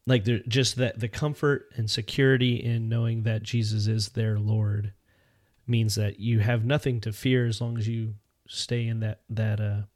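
A man's voice: lowish voice, little pitch movement, moderate pace, darkish tone, no echo, clean studio sound. A man co-hosting a casual faith discussion podcast, earnest and thinking aloud with frequent restarts and asides. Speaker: podcast co-host.

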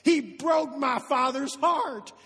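A preacher voicing a bitter older brother. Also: male voice, very high voice, slow pace, voice pushed up, exaggerated voice. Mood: angry, resentful. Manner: indignant, raised and forceful. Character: resentful hardworking young older brother. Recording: long hall reverb.

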